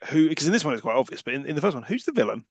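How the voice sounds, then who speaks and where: A man co-hosting a film podcast, trading quick, jokey banter and laughing often. He talks fast in a slightly raised voice. The sound is close and dry. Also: fairly high pitch, big pitch swings, slightly rough, no room sound, dull audio. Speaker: podcast co-host. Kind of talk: casual film-review chat.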